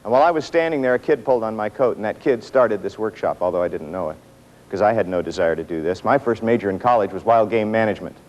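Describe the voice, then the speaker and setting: A man giving a motivational workshop talk to an audience in a room, telling stories with self-mocking humor and dramatic pauses. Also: on the low side, dull audio, noisy background. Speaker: motivational speaker.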